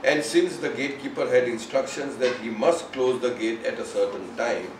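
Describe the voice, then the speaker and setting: A man's voice: medium pitch, moderate pace, slight background noise. Man telling a parable from across a room. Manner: conversational, peppered with "you know". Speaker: storyteller at a spiritual gathering. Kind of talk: informal spoken parable. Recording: roomy, mic at a distance, faint ambience.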